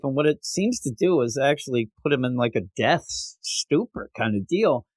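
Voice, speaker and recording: A man co-hosting a casual comic book review podcast, animated and acting out characters' lines in quick voices. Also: medium pitch, no echo. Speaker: podcast co-host.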